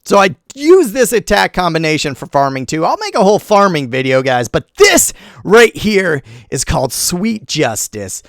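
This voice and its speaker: Man, gravelly voice, high and lively pitch, self-critical game commentary, close dry mic. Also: no room sound. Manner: self-critical, talks to himself while narrating; animated, quick swings between groans and cheers. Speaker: gaming channel host. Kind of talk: gameplay commentary on a replay.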